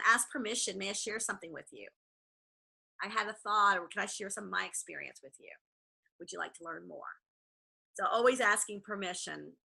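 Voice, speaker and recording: An upbeat woman hosting a casual coaching call, her voice sharply bright with a gravelly edge. She talks in an animated way and keeps turning questions over to others. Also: on the low side.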